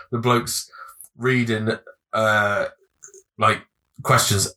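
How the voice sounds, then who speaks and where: A man's voice: on the low side, fairly even intonation, moderate pace, pushed and bright, slight background noise. A man chatting casually on a podcast, rambling, forgetful and sweary, laughing often. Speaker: podcast co-host. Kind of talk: casual chat.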